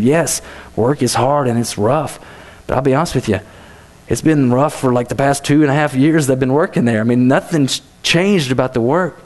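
A man's voice: medium pitch, a little fast, a little mellow. A man giving a youth sermon in a church, speaking casually with many "you know"s and restarts.

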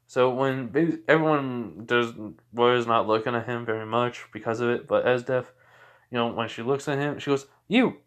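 A young man tells a fan story off the cuff, rambling and correcting himself with plenty of fillers. His delivery is loose and informal, like talking to viewers at home. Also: medium pitch. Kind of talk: casual fan-fiction storytelling.

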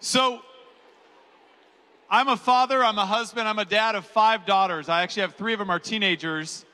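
Animated man speaking in a big hall. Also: high voice, moderate pace. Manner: animated, jokey storyteller who acts out quotes. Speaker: keynote speaker. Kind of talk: youth conference keynote, storytelling. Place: large conference hall. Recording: reverberant hall.

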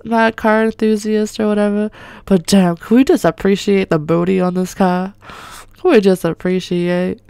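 A woman giving excited, gushing commentary while playing a racing game, swearing freely and often gasping and laughing. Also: fairly low pitch, moderate pace, dry recording. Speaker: gaming channel host.

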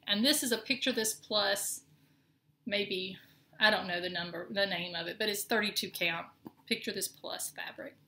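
A woman's voice: medium pitch, normal speed, sharp tone, a little hiss or hum. A middle-aged woman with a Southern accent, chatting casually and rambling a little as she shows her cross-stitch projects. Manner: chatty, rambling, with many ums and restarts. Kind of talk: casual show-and-tell.

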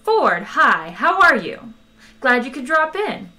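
A woman's voice: on the high side, big pitch swings, moderate pace, bright, forceful tone, pitched above the performer's own voice. A woman reading aloud, voicing a flashy, breezy two-headed alien man who talks casually and dodges questions. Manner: casual, evasive drawl.

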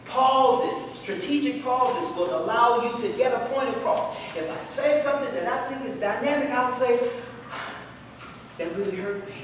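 A man with a Midwestern American accent teaching a public speaking workshop, emphatic and dramatic, with strategic pauses. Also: very high voice, a bit bright, slight background noise. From Midwestern United States. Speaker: speaking instructor. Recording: echoey hall recorded from far off.

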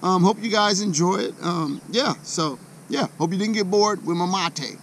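A man chatting casually to camera outdoors by a lake, relaxed and rambling, with many restarts. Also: high-pitched, normal speed, slight background noise. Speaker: outdoor vlogger.

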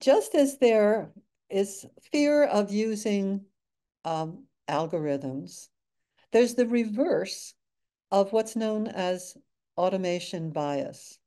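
An older woman gives a measured academic lecture from her slides, her voice mellow and soft-edged. She adds dry asides and pauses on filler words as she goes. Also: mid-range voice, animated. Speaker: guest speaker.

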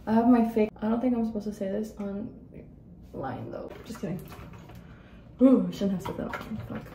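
A woman's voice: medium pitch, normal speed, distant mic, a little hiss or hum. Chatty young woman in an echoey room. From El Paso, Texas. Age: 20s. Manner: chatty, animated, swears freely. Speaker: vlogger. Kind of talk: casual get-ready-with-me storytelling.

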